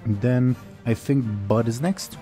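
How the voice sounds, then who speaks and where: A man's voice: medium pitch, takes it slowly, warm tone, faint music behind. A man narrating as game master of a tabletop game, casual and full of fillers. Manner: casual, with many fillers and laughs.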